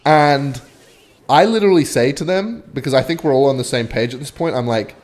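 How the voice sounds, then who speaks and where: A young man telling a rambling, swear-filled story while commentating his own gameplay, with sudden excited outbursts. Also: mid-range voice, fairly quick. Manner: animated, swearing, bursts of excitement while playing. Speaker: gaming vlogger.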